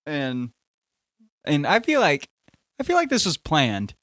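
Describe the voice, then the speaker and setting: A man's voice: a little high, huge pitch swings, slow, fairly bright tone, no room sound, studio quality. A young man hosting a casual podcast, rambling and joking, often cutting himself off mid-sentence. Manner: rambling, jokey, self-interrupting. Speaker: podcast host.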